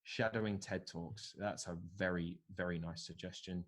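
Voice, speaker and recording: Deep-voiced man coaching an online class. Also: steady tone, moderate pace. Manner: coaching, reads out participant answers. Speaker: presentation skills trainer. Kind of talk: live online workshop.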